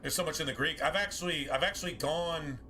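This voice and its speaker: Bright-voiced man musing aloud. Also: on the high side, fast, slight background noise. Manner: rambling, musing, self-correcting, swears casually. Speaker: game streamer. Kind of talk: casual chat with stream viewers.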